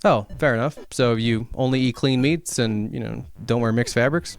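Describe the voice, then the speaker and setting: A man's voice: medium pitch, moderate pace, clear, resonant tone, faint music behind. A man giving a sarcastic, profane comedic rant, arguing back and forth with imagined hecklers and building to heated indignation. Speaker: political comedy essayist.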